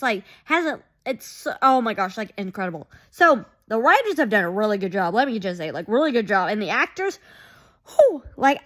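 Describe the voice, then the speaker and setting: A woman talks through a TV episode in a loose, chatty vlog. Her voice sits high, and she rambles, gushes and acts out the characters' lines as she goes. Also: a bit bright. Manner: gushing, rambling, full of "like" and quoted reactions. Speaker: TV show reviewer. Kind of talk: casual recap vlog.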